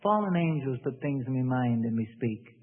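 A man preaching a sermon in an animated way, acting out the voices of people praying. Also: medium pitch, normal speed. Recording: phone-like sound in a reverberant hall.

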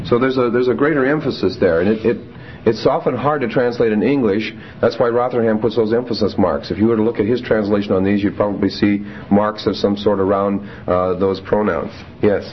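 A man teaching a Greek grammar class, reading Greek examples slowly and then explaining them with fillers. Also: lowish voice, fairly even intonation. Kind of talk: classroom lecture. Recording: dull lo-fi classroom tape, faint hiss.

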